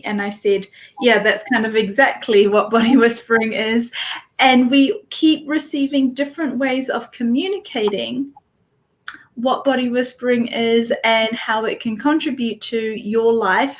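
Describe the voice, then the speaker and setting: A woman from New Zealand hosting an online conversation, talking in a flowing way and laughing easily. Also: fairly high pitch. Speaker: host.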